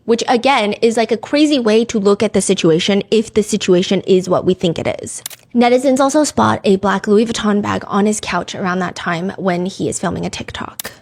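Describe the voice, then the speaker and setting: A woman's voice: medium pitch, a little fast, a little mellow. A woman hosting a podcast, telling a true-crime story in a casual, chatty way, full of "like" and "you know.". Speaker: podcast host.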